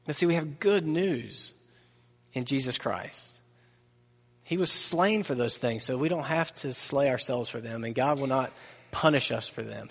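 A man preaching a sermon in a relaxed, conversational way, mixing humor and asides into the message. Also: mid-range voice, gravelly, slightly rough. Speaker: pastor. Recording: long reverb of a large hall.

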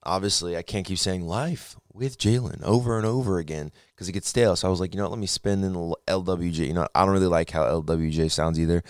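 A man's voice: low-pitched, fairly even intonation, quick pace, few pauses, clean tone, dry recording, studio quality. A young man hosting his own podcast, talking casually about faith with joking asides and frequent restarts. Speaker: podcast host. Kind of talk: casual faith talk monologue.

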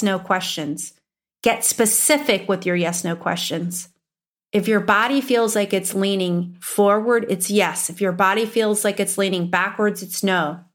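Upper midwest lady in her 30s coaching on spirit stuff, slow and earnest, leans hard on repeats. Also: medium pitch. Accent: Upper Midwestern American. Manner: earnest, emphatic, repeats key phrases. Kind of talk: teaching monologue.

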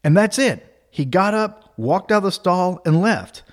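A man's voice: high-pitched, a little slow. Casual man spinning a comic story. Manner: casual, animated, tag questions.

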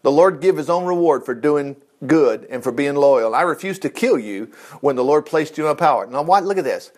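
Animated preacher man reading scripture. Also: on the high side, fairly quick. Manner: animated, jokey asides between reading passages. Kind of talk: sermon reading and commenting on scripture.

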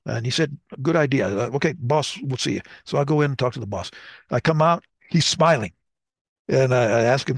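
Gravelly older man telling stories. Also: medium pitch, fairly quick, dry recording, studio quality. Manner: anecdotal, acts out dialogue. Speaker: podcast co-host. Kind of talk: casual conversation, storytelling.

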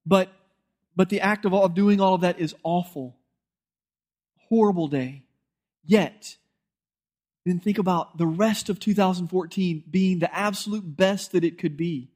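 A man's voice: sits high, unhurried, pauses often, darkish tone. A male pastor, preaching a sermon in a conversational, storytelling way and acting out bits of dialogue.

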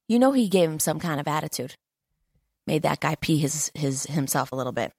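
A woman preaching a fervent, conversational sermon, repeating key lines for emphasis and often pausing on fillers. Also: on the low side, very animated, no echo, clean studio sound.

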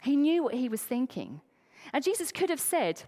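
Woman preacher, higher voice, very lively pitch, chatty sermon, long hall reverb. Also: normal speed. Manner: conversational, tells jokes.

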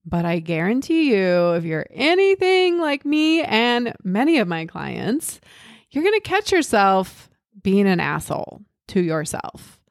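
A woman's voice: mid-range voice, big pitch swings, measured pace, no echo, studio quality. A woman coach giving a candid, motivational pep talk, swearing freely and checking in with "right?".

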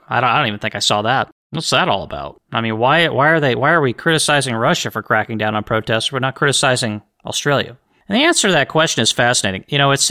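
A man's voice: medium pitch, bright, forceful tone. A man hosting a solo podcast, arguing his opinions with rhetorical questions and frequent restarts. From United States. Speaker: podcast host.

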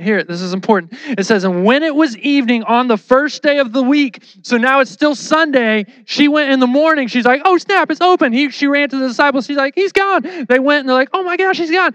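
A man giving a casual, lively sermon, telling the story with slang and acting out the people in it. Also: very high voice, no echo.

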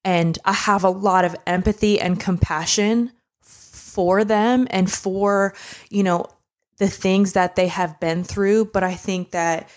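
A woman's voice: medium pitch, fairly even intonation, slow pace. A young woman co-hosting a podcast, telling a personal story in a candid, emotional, conversational way. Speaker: podcast co-host. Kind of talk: casual chat.

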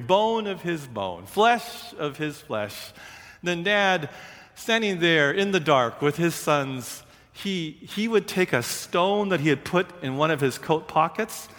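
Male preacher, storytelling sermon, dramatic cadence, mid pitch, long hall reverb. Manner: animated, dramatic, repetitive cadence.

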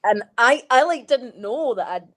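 A woman's voice: a little high, animated, normal speed. A Scottish woman, a podcast guest in casual chat, telling stories frankly with lots of swearing and "like". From Scotland.

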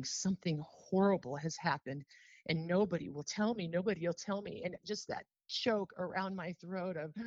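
A woman telling her personal story as an interview guest, earnest and heartfelt, emotional and near tears, slowing down on solemn phrases. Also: sits low, no room sound, highs cut off.

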